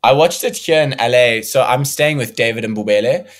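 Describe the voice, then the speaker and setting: A young man, a musician guest in a casual interview, telling an animated story and acting out what people said. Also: medium pitch, fairly quick. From South Africa. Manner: animated storyteller, acts out quoted dialogue.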